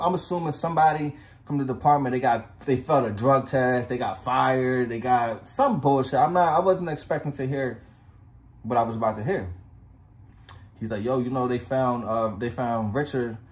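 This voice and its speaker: A man's voice: medium pitch, moderate pace. A young man, a former police officer, telling a personal story in a blunt, profane, slang-heavy casual monologue.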